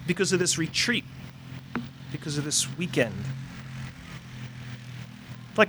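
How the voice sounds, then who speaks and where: A man's voice: fairly high pitch, slow pace, long pauses, sharp tone, slight background noise. A Catholic priest in his fifties giving a sermon in a casual, conversational storytelling way, full of fillers and asides. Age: 50s.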